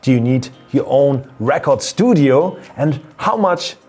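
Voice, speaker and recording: A man's voice: mid-range voice, expressive, measured pace, darkish tone, slightly rough. A man in his thirties with a German accent, explaining things in an upbeat vlog, lifting his voice for emphasis. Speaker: photography YouTuber and former radio presenter.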